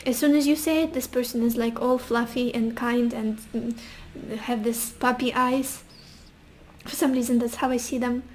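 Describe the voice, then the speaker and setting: A woman's voice: fairly high pitch, steady tone, normal speed, a little hiss or hum. A young woman giving a casual tarot reading, musing intuitively with sassy asides. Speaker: tarot reader.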